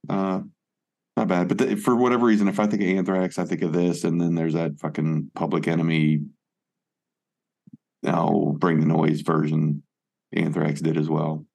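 Man, podcast co-host, very low voice, gravelly, laid-back, swears. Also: a little mellow. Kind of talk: casual chat about music.

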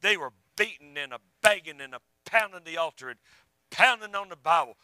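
A man preaching a sermon, fervent one moment and hushed the next, with a drawl. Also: on the high side, expressive, fairly quick, no room sound, low-quality recording. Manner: fervent, rising and falling, drops to a hush.

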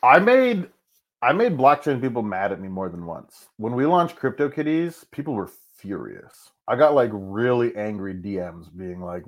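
A man speaking candidly and profanely as an interview guest, animated and open. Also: on the low side, normal speed. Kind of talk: casual interview talk.

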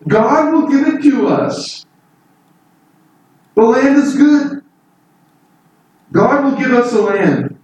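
A man's voice: sits high, a little mellow. A man preaching a Bible sermon in an earnest, emphatic way, voice lifting on key points. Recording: echoey room from far off with faint noise.

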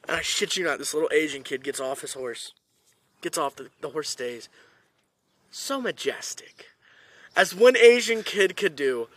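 A man telling a comic story in a profane, animated way, swearing constantly. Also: sits high. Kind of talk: comedic storytelling.

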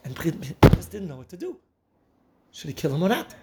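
A man giving a lively Torah talk, telling the stories with animation and frequent laughter. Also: on the high side, a little fast, very noisy. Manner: animated storytelling, laughing often, mixing Yiddish and Hebrew terms. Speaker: Torah teacher.

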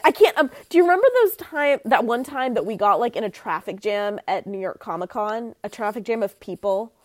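Lively, high-voiced woman podcast co-host. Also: a little fast, dry recording, clean studio sound. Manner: animated storyteller, frequent "like". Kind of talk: casual chat.

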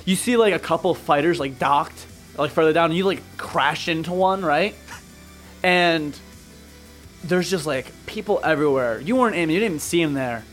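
A man's voice: on the high side, moderate pace, a bit bright, faint music behind. A man running a tabletop game, narrating the scene loosely with many fillers. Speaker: game master.

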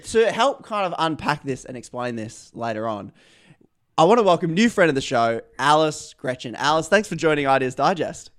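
An Australian man hosting a podcast interview, chatty and joking, often trailing off softly. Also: a little high, big pitch swings, normal speed. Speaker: podcast host.

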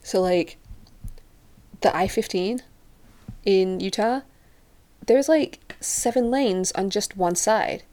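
A woman's voice: medium pitch, takes it slowly, long pauses, warm tone. A young woman from Europe telling a casual story to the camera, chatty and leaning on "like" constantly, acting out what others said. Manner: chatty, says "like" constantly, acts out quotes. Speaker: vlogger.

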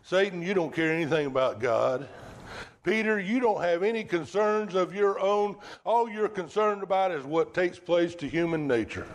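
A man's voice: high voice, normal speed. A male preacher delivering a sermon in a conversational way, asking the congregation rhetorical questions.

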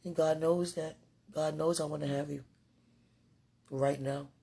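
A woman's voice: deep voice, steady tone, unhurried, vocal fry, mellow, slightly rough. A woman recording a rambling, affectionate spoken message to a loved one, laughing often between her thoughts.

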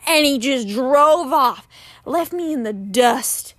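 A woman's voice: high voice, expressive, slow pace, fairly bright tone, no room sound, clean studio sound. A woman guest telling a story casually and dramatically, repeating phrases for effect.

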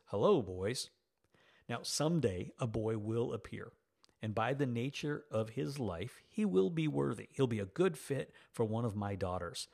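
A man's voice: medium pitch, vocal fry, darkish tone. A man in his fifties, a pastor delivering a sermon, reading scripture and breaking into folksy, self-teasing asides.

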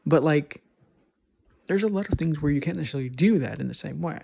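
A man's voice: on the high side, animated, a little fast, creaky, darkish tone, slight background noise. A man talking alone on a casual podcast, thinking aloud and rambling with frequent restarts. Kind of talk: casual solo monologue.

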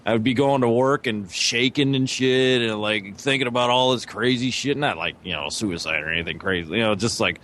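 A man's voice: fairly low pitch, fairly quick, hardly any pauses, fairly bright tone, slight background noise. A man in casual chat, telling a rambling personal story full of swearing, laughing as he acts out quotes. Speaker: podcast co-host telling a story.

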